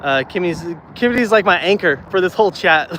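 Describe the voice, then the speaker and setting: Out of breath on a walking livestream outdoors, a man chats loosely with his viewers, reading live comments and repeating himself into his phone mic with no external mic. His voice is high-pitched, bright and forceful, fairly quick, with lively intonation. A little hiss or hum is audible.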